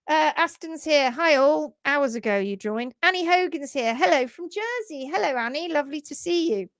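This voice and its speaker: A woman hosting a live stream in casual chat, excitedly greeting viewers by name. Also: sits high, normal speed, hardly any pauses, no room sound, clean studio sound. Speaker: livestream host.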